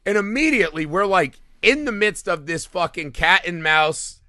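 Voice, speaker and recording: A man talks through a film's plot with plenty of swearing, popping into quick mocking voices for the characters. His voice is bright and swings widely in pitch. The sound is close and dry. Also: dry recording. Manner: profane, animated retelling of scenes with quick mock voices. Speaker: podcast co-host. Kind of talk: casual movie-review chat.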